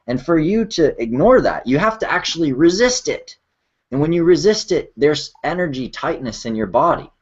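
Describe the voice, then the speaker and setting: A man leading a guided emotional check-in, speaking slowly and softly with frequent sighs and open feeling. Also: mid-range voice. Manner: slow, soft, sighing, emotionally open. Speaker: workshop leader. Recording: dull lo-fi sound.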